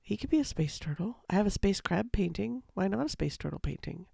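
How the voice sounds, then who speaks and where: A woman with a slightly scratchy voice, speaking low and softly over a watercolor tutorial, rambling with lots of ums. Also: animated, fairly quick, vocal fry, breathy edge, dry recording, studio quality. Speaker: watercolor painting instructor. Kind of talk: casual voice-over for a painting tutorial. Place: home, with a baby asleep in another room.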